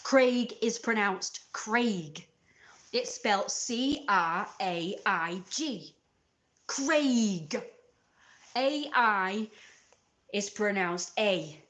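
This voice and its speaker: A woman's voice: medium pitch, animated, extremely slow, a bit bright. A British woman talking straight to her viewers in a passionate, blunt, exasperated way. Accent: British English. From Britain. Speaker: YouTuber. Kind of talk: casual rant to camera.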